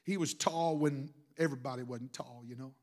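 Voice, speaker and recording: A middle-aged man preaching a sermon, telling emotional stories that swing from hushed to shouting. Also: medium pitch, brisk. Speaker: pastor.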